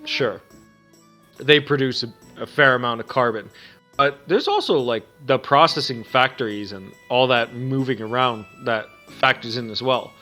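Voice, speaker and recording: A man's voice: mid-range voice, moderate pace, pushed and bright. A man co-hosting a podcast in loose, rambling chat. He jokes and laughs as he goes, with faint music playing underneath. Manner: rambling, joking, laughs often. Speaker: podcast co-host. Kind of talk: casual chat.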